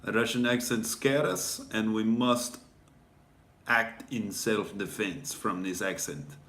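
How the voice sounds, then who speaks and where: Male comic host, sarcastic ranter, bright edgy voice, echoey room. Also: fairly low pitch, fairly even intonation, slow. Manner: sarcastic, mocking, swears freely. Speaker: comedian host. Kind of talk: sarcastic comedy rant.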